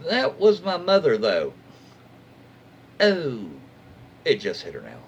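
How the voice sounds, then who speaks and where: A man's voice: fairly high pitch, very animated, normal speed, slightly rough. A man reading online stories aloud in a casual way, stopping for chatty asides and reactions. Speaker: reddit story reader.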